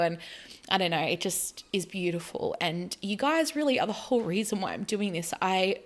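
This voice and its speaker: A woman's voice: on the low side, brisk. An Australian woman in her thirties talking casually to camera, rambling and chatty with plenty of "like". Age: 30s. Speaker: spiritual vlogger.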